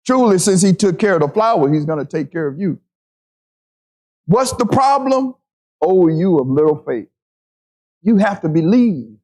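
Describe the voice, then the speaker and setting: A man preaching a sermon to his congregation, repeating phrases for emphasis and slowing down to stress scripture. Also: sits high, sing-song, darkish tone.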